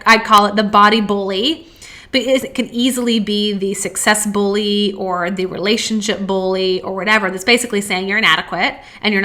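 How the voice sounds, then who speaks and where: Bright-voiced woman hosting a self-help podcast. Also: medium pitch. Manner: earnest, slows down to stress key phrases; strings of rhetorical questions. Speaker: podcast host.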